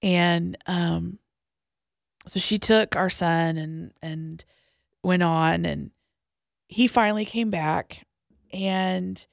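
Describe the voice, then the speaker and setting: A young woman telling a personal story as a podcast guest, halting, with restarts and pauses, going quiet at the hardest parts. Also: fairly low pitch, gravelly, dry recording, studio quality. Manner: halting, with frequent restarts and trailing-off lines, dropping quiet at hard moments.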